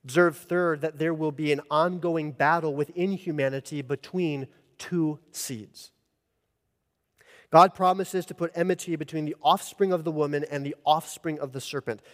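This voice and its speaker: A man's voice: on the high side, fairly even intonation, normal speed. Preaching man in a reverberant sanctuary. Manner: earnest expository preaching, rises for emphasis. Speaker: pastor. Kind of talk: sermon. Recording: long church reverb.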